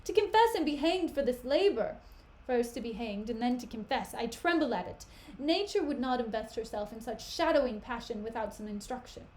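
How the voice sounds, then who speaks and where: A woman's voice: a little high, lively intonation, brisk, hardly any pauses, a little mellow, echoey room, lightly acted. A woman reading aloud the broken, clipped lines of a jealous, tormented male general. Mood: anguished.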